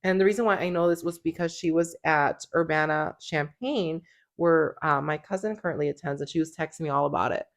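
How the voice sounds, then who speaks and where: Co-host: young woman, lower register, giggly casual chatter, filler-heavy. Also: brisk. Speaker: podcast co-host. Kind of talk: casual chat.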